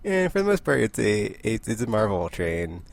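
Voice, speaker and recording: A young man chatting casually about the comics he picked up this week, rambling with asides and short laughs and acting out the characters in quick voices. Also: on the low side, sing-song, gravelly. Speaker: comic book vlogger. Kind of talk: casual comic book review.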